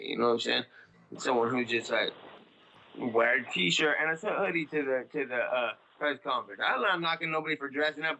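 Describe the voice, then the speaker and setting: Blunt, profane man, bright tense voice. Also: medium pitch, creaky, poor audio. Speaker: interview guest. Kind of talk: casual interview talk.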